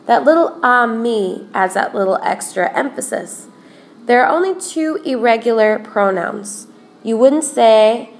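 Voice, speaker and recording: Slow, careful woman teaching grammar. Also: a little high, expressive. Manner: slow, careful explaining, repeats examples. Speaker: Spanish teacher. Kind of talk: recorded grammar lesson.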